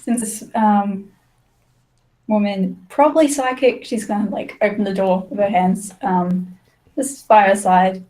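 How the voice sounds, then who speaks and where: A woman's voice: mid-range voice, fairly even intonation, a little slow, warm tone, rough recording. A woman playing a tabletop role-playing game, talking casually and filling her speech with "like". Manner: casual, full of "like" fillers. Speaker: player.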